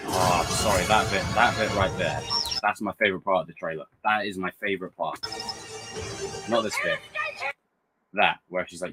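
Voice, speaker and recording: Male host for an excitable reaction-video ramble with a very deep voice, restarting sentences. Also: moderate pace, pauses often, over loud music. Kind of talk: casual reaction commentary.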